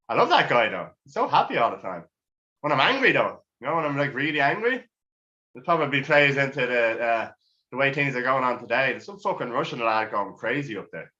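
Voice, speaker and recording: A man's voice: mid-range voice, sing-song, fast, sharp tone, highs cut off. A middle-aged man doing a crude, rambling, self-mocking stand-up routine. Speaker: stand-up comedian.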